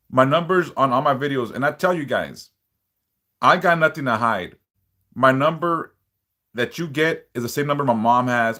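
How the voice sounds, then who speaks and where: Blunt, cussing male livestream host, casual chat with viewers, mid-range pitch. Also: sharp tone. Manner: blunt, profane, warning viewers. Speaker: livestream host, spiritual worker.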